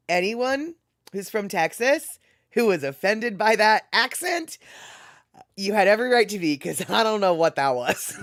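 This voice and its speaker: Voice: medium pitch, lively intonation, a little slow, fairly bright tone, no echo. A livestream host chatting casually and reading out viewers' comments, rambling along with lots of fillers and little laughs. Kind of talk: casual live-stream chat.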